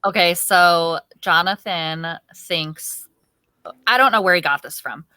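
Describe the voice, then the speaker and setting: Casting: woman, 30s, podcast co-host, bright forceful tone, dry close mic, animated storyteller. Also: lowish voice, slow, clear, resonant tone, no room sound. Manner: animated storyteller acting out quotes. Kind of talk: casual chat.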